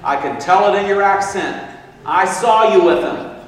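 A man's voice: medium pitch, little pitch movement, unhurried, soft background music, pitched below the performer's own voice, close to an everyday voice. A preacher playing an accusing young servant girl. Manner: pointed, accusing. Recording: echoey hall from far off.

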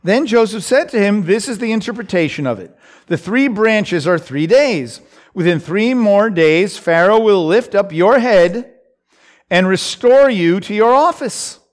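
A man's voice: high-pitched, animated. A man teaching a Bible passage in a conversational way, with frequent fillers and asides, acting out the quoted lines. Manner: unhurried, lots of fillers and asides, voices scripture quotes.

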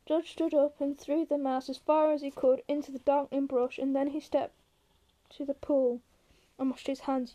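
A woman's voice: sits high, flat delivery, normal speed, warm tone. A woman reading a novel aloud in an unpolished way, with occasional stumbles and restarts. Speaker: reader.

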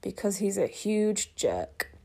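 A woman's voice: mid-range voice, big pitch swings, takes it slowly, vocal fry, a little mellow, heavily acted. A woman voicing a moody young vampire woman who is sarcastic and hurt, reading her own fan fiction aloud. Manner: sarcastic, then tearful and clingy.

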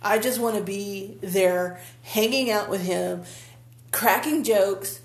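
A woman co-hosts a casual podcast chat. She rants with plenty of cursing and breaks into laughter often. Her voice sits in a middle pitch and rings in an echoey room. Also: slow. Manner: animated ranting, curses freely, laughs often. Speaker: podcast co-host.

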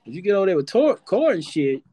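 Hosting a live audio-room show, a podcast host jokes around loosely and profanely, teasing his guests. His voice is high, mellow, and very animated, he talks fast, and the recording is dry.

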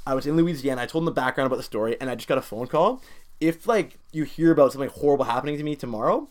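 A young man talks quickly through a story in a relaxed podcast chat. He is animated and chatty, with plenty of filler words. His pitch sits in a middle range. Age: young adult.

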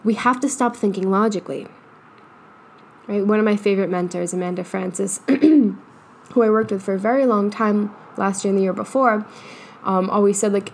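A woman coach talks alone on her podcast, loose and unscripted. Her speech is blunt and profane, broken up by quick laughs. Her voice sits in an ordinary middle register, and a faint background noise runs under the recording. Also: medium pitch, steady tone, vocal fry, a little mellow. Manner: candid and profane, laughs often. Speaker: podcast host and business coach. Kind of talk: casual solo podcast monologue. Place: building in a big open area with trees and hills.

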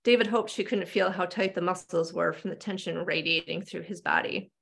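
A woman author reading her novel aloud in steady, measured narration over a video call. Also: fairly low pitch, gravelly, slightly rough.

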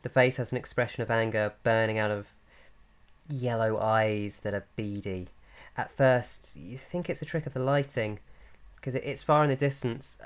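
Unhurried man narrating as game master. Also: medium pitch, smooth. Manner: descriptive, unhurried, with fillers.

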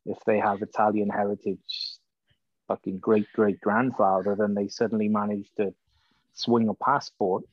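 A man's voice: on the low side, little pitch movement, normal speed, no room sound, muffled recording. A man with a Welsh accent, chatting casually as a guest and telling stories with plenty of swearing. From Wales. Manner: laid-back storyteller who swears freely. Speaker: podcast guest, former hockey player. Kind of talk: casual chat.

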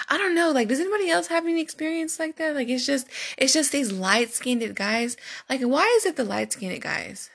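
A woman's voice: fairly high pitch, sharp tone. A young woman hosting a podcast, telling dating stories in a candid, profane, laughing manner. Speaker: podcast host. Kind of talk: casual storytelling monologue.

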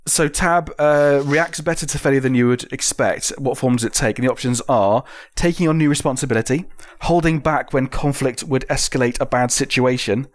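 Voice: medium pitch, moderate pace, hardly any pauses. A game master running a tabletop role-play, laughing often and prompting the players with questions.

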